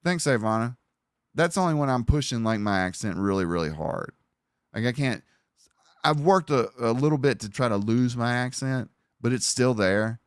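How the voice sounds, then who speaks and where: A man's voice: mid-range voice, animated, normal speed, smooth, no echo, studio quality. A man with an Alabama Southern accent, chatting casually on a live stream in a rambling, profane, offhand way.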